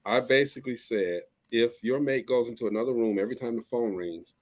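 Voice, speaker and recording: Guy moderating a podcast panel, talks fast, cuts in. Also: medium pitch, a crowd in the background. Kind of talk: casual panel discussion.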